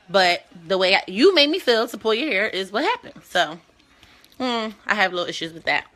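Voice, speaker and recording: A woman co-hosting a talk show, chatting casually in a blunt, profane and animated way. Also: mid-range voice, moderate pace, faint music behind. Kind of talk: casual chat.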